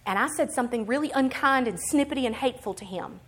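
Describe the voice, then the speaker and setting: An animated woman preaching a sermon with a slightly high voice. She moves from quiet, plain teaching to loud, emphatic declarations. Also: fast, breathy edge. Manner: acts out other people's voices in quotes.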